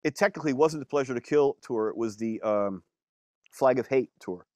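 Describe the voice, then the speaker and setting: A man, a musician guest, telling stories in a casual interview, animated, with lots of fillers and some swearing. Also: medium pitch, moderate pace, dry recording.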